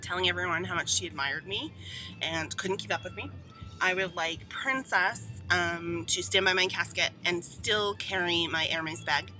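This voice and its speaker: A woman's voice: on the low side, normal speed, music in the background. A woman vlogging outdoors to her camera in a casual chat, swearing, squealing and laughing nervously.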